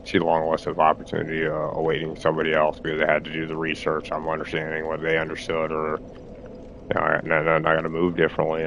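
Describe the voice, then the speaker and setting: A man rambling through a halting monologue, repeating himself, restarting phrases and swearing as he tries to reassure himself. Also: extremely low pitch, completely flat delivery, a bit bright, slight background noise. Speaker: streamer.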